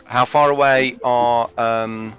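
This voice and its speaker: A man's voice: mid-range voice, fairly even intonation, slow, a bit bright, faint music behind. A man running a tabletop game as game master, describing scenes with some hesitant fillers.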